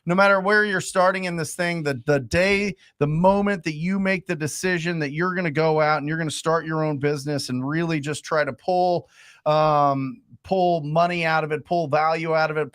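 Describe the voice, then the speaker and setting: A man's voice: a little high, steady tone, moderate pace, a bit bright. A man hosting a live podcast, talking in an upbeat, emphatic way. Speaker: show host. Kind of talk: casual live podcast chat.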